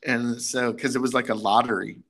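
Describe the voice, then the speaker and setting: A man's voice: medium pitch, normal speed. Easygoing man telling a story. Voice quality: animated storyteller, acts out quotes. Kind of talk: casual chat.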